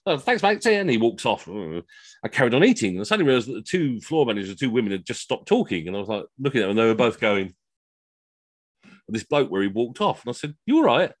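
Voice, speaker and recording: A man's voice: on the low side, animated, quick pace, dry recording, clean studio sound. A man telling comic stories, chatty and rambling, over a video call. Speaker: costumed entertainer, storyteller. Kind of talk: comic storytelling.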